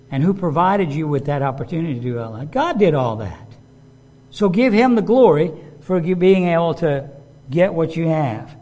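A man's voice: on the high side, darkish tone, in a large hall. A man preaching a sermon in a conversational way, with frequent restarts and rising emphasis.

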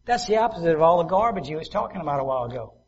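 A man pastor preaching a sermon, swinging from loud emphasis to soft asides and acting out quoted voices. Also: a little high, expressive, rapid-fire, highs cut off, slight background noise.

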